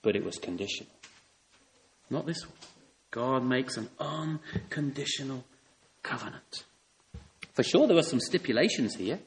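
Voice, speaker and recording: A man's voice: mid-range voice, animated, unhurried, long pauses. A man preaching a sermon, emphatic and fond of rhetorical tag questions. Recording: long reverb in a hall.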